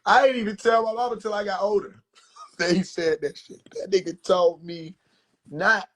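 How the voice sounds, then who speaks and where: A man telling a comedic story on a phone livestream in an animated, drawn-out way. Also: sits high. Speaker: livestream host.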